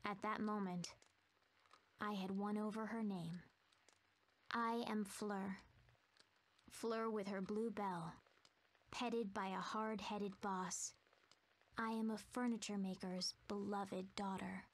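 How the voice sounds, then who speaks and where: A woman narrating a video game in a soft, hushed, fearful storytelling manner, voicing a timid young female narrator. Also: medium pitch, fairly even intonation, slow pace, long pauses.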